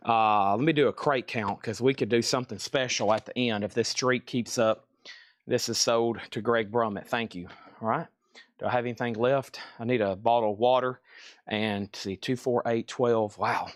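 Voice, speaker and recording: A man's voice: mid-range voice, no echo, clean studio sound. A man hosting a live sale stream, rambling and talking to himself as he works, a bit out of breath. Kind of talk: casual live-stream chat.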